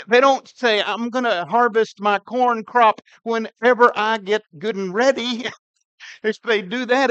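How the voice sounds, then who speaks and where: An older man preaching a sermon with emphatic, dynamic delivery, his loudness swinging widely. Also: high voice, dry recording, muffled recording. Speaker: pastor.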